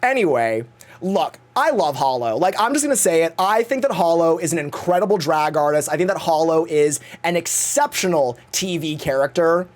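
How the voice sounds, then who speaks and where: Animated, gossipy man streaming. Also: fairly high pitch, normal speed. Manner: gossipy, profane, acts out quotes in exaggerated voices. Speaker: Twitch streamer. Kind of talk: casual livestream chat.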